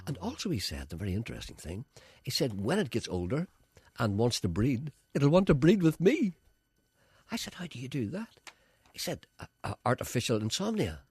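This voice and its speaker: A man talks fast as a radio host, rambling through an anecdote and acting out every quote. His pitch jumps all over the place, and his voice is husky and dry. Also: big pitch swings, darkish tone, no room sound. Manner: rambling storyteller, acts out quotes, laughs at own tales. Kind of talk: casual chat.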